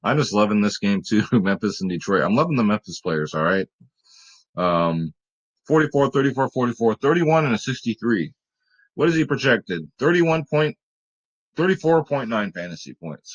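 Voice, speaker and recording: A man's voice: medium pitch, fairly bright tone. A young adult man hosting a fantasy sports picks video, chatting casually and joking with his cat. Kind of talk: casual chat.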